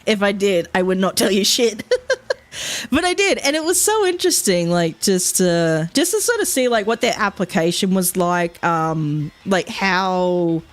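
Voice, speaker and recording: A young Australian woman streaming, telling a story in animated casual chat, laughing often and swearing freely. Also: medium pitch, a little slow.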